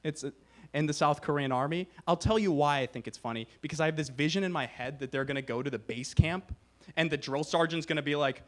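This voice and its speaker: A young man doing a stand-up set on a comedy club stage, animated and profane, with quick asides. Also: on the high side.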